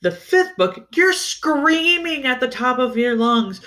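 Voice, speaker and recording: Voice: high-pitched, very animated, slow pace, pushed and bright. A podcast host chatting alone about a book series, enthusiastic and swearing freely, often stumbling and restarting sentences. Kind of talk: casual solo book-review chat.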